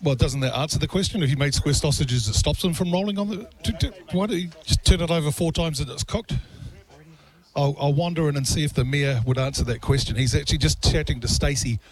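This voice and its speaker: A man's voice: fairly high pitch, fast. A man with a New Zealand accent hosting a live outside radio broadcast, chatty and joking, laughing often.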